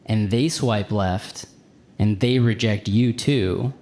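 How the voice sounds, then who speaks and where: A man performing a stand-up comedy set on stage, animated and slipping into high put-on voices for the people in his stories. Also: takes it slowly. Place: comedy club stage with a live audience. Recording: live venue with crowd noise. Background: audience laughter.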